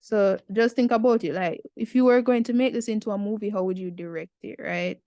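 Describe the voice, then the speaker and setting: A woman's voice: medium pitch, a little fast, mellow, no echo, clean studio sound. A Jamaican woman in her twenties, talking through an essay in a casual, chatty tutorial with slangy asides. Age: 20s.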